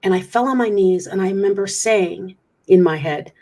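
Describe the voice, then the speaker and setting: A middle-aged woman speaks as an interview guest with a slightly husky, breathy tone. Her delivery is candid and earnest, full of small restarts as she works through a personal account. Her pitch sits in an ordinary middle range. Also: normal speed, warm tone. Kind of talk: interview storytelling.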